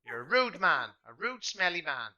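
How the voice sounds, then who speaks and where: A man's voice: very high voice, huge pitch swings, moderate pace, sharp tone, highs cut off, pitched above the performer's own voice, full character voice. A man voicing a small, hot-tempered boy in a tabletop game who scolds and stammers with indignation. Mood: indignant.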